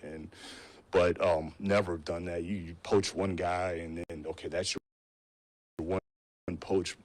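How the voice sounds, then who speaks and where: A man from a football team's personnel department answering an interview question in a halting way. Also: sits low. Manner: halting, full of fillers and restarts. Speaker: football team personnel staffer.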